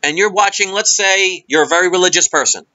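A man with a high, bright and forceful voice delivers an emphatic, preachy rant. He is sarcastic and hammers his points home. The recording is dry, dull and lo-fi. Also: fairly quick, no room sound. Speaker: vlogger. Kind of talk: impassioned monologue rant.

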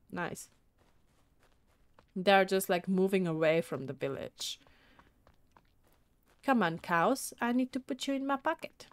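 A woman giving casual let's-play commentary, talking to herself excitably and throwing in mild mock swearing as she plays. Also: mid-range voice, no room sound. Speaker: gaming video creator.

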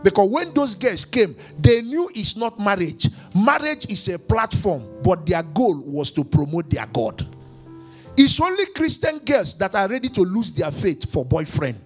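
A man preaching a sermon as pastor, emphatic and repetitive, swinging between quiet and loud. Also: high voice, sing-song, unhurried, breathy edge, faint music behind.

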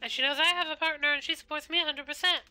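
A woman's voice: high voice, steady tone, very fast, pushed and bright, faint music behind. A woman streaming a game, chatting casually and telling rambling, profane stories.

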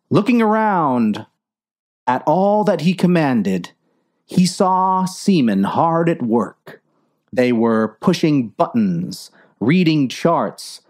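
A woman reading a clumsy war story aloud in a slow, mock-earnest narration. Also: sits low, a little mellow. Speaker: story reader.

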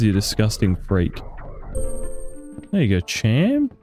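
A man's voice: big pitch swings, measured pace, long pauses, darkish tone, faint music behind. Frantic, swearing young man. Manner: frantic, sweary, yelps high when panicked. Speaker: gaming YouTuber. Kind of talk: casual let's-play commentary.

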